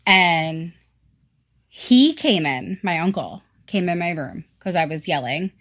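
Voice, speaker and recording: A woman's voice: on the low side, expressive, slow pace, fairly bright tone. A woman guest on a podcast, casually telling personal stories, laughing and swearing as she goes. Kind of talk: casual storytelling.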